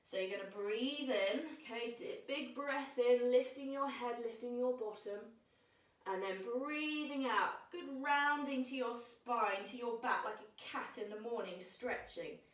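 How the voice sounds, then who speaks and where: Gentle woman teaching children's yoga, echoey room. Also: on the high side, unhurried, distant mic. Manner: gentle, encouraging, playful storytelling. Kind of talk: guided children's yoga lesson.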